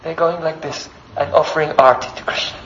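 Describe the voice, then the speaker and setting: A man's voice: on the high side, steady tone, a little fast, a bit bright, muffled recording, a little hiss or hum. A man preaching a devotional sermon as a story, often checking in with the listeners by asking them questions.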